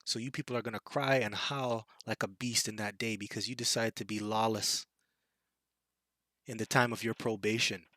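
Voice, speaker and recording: A man's voice: fairly low pitch, steady tone, moderate pace, sharp tone, no echo. A man preaching a fiery, taunting scripture sermon, reading verses and mocking his listeners. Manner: fiery and taunting, with scornful impressions and laughs. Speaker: street preacher.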